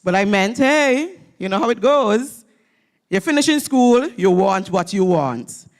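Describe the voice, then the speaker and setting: A woman addresses graduates at a church ceremony, speaking in an unhurried, deliberate way. Her voice sits at an ordinary pitch, and she pushes words for emphasis as she drills the room in call-and-response. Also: animated.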